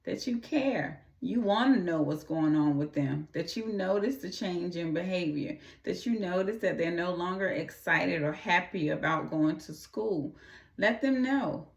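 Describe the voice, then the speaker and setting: A woman's voice: fairly low pitch, creaky, roomy sound, far from the mic, muffled recording. A woman talking earnestly to her audience, repeating her urgings and briefly acting out the voices of people she describes. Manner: earnest, repeats urging phrases, acts out quick quoted voices. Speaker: host. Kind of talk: casual talk to camera.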